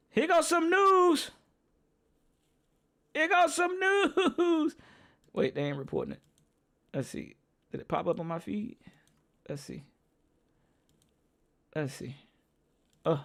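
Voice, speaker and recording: A man hosts a live football reaction stream. His voice sits very high and sounds bright and forceful. He rants, swears and cracks up as he talks straight to his viewers. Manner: excitable, profane, laughing and ranting to viewers.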